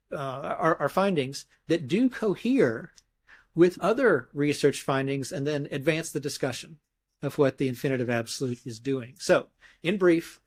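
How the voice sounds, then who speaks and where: A man's voice: on the high side, a little mellow. A man being interviewed as a scholar, explaining grammar thoughtfully step by step, often restarting phrases and demonstrating emphasis with his voice. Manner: mimics emphasis with his voice in examples. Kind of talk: academic explanation in conversation.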